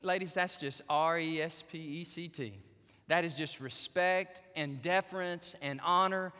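A male pastor preaching a sermon, telling stories in an animated way and speaking directly to the women listening. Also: fairly high pitch, a little slow, clean tone, big-room sound. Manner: animated storytelling, addresses the women in the audience directly.

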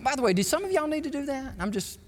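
A man pastor preaching a sermon in a church, emphatic and storytelling, with sudden excited quotations. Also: very high voice, fast. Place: church sanctuary. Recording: long hall reverb.

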